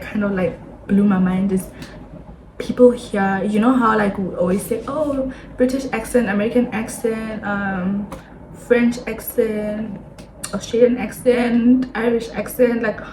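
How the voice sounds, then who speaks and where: A young woman in her twenties, speaking English with a Botswana accent, talks casually to her camera in a sit-down vlog. She is chatty and animated, mimicking the people she talks about. The room sounds echoey, with a faint hum of ambience underneath. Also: a little high. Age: 20s. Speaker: vlogger.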